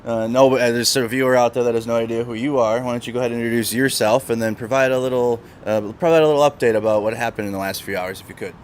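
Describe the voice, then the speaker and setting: Host guy talking fast, friendly, faint street noise. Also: mid-range voice, fairly even intonation. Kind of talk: casual chat.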